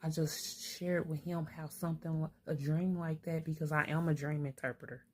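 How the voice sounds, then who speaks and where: An older woman talking candidly to camera, thinking out loud to herself. She is blunt and streetwise and swears freely. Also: sits low, level tone, normal speed. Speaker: vlogger. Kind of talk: candid self-reflective monologue.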